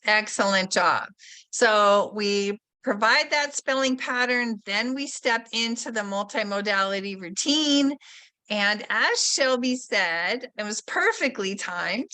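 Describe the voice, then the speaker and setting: A woman's voice: medium pitch, lively intonation, measured pace, pushed and bright. A woman leading a teacher training session, explaining a spelling routine and modeling classroom questions. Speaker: literacy trainer. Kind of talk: professional development webinar.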